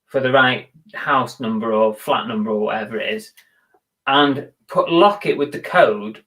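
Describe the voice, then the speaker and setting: A man's voice: mid-range voice, fairly bright tone. A man co-hosting a live reselling show, chatting casually and poking fun at himself, swearing now and then. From England. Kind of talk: casual chat on a live stream.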